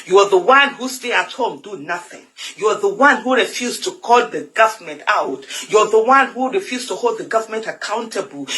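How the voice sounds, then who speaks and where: A Nigerian woman with a slightly high, fairly bright voice delivers a fiery political monologue in her Nigerian accent. As a political commentator, she speaks emphatically and repeats herself a lot, and the recording is rough.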